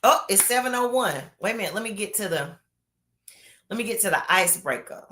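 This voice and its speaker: A woman pastor hosting an online Bible study, chatting casually with drawn-out emphasis while reading viewers' comments aloud. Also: medium pitch. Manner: animated, drawn-out emphasis, calls people baby.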